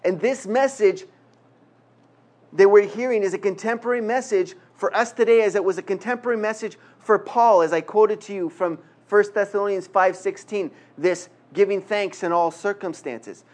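A man preaching a sermon, reading scripture slowly and emphatically, with humorous asides. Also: high-pitched. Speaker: pastor.

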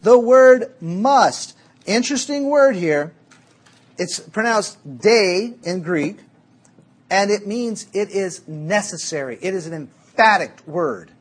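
Southern preacher guy, kinda high husky voice, leans hard on words, slow and emphatic. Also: expressive. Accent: Southern American. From American South. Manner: emphatic, drawn-out delivery, dropping to quiet storytelling. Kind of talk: sermon.

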